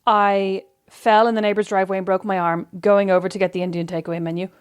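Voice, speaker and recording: A woman's voice: mid-range voice, little pitch movement, quick pace, smooth. Irish female co-host, wry self-deprecating anecdotes, casual. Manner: wry self-mocking storytelling. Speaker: podcast co-host. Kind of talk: casual chat.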